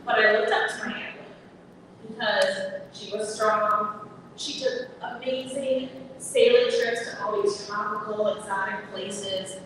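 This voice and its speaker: A woman's voice: medium pitch, fairly even intonation, slow, pauses often, noisy background. A young woman telling a personal story at a live event, earnest and lightly humorous. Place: coffee shop. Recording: echoey, distant live recording.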